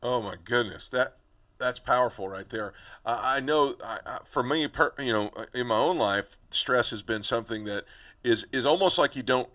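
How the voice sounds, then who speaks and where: A man's voice: mid-range voice, normal speed, bright, forceful tone. A man hosting a podcast interview, talking in a conversational, affirming way with frequent stammered restarts. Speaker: podcast host.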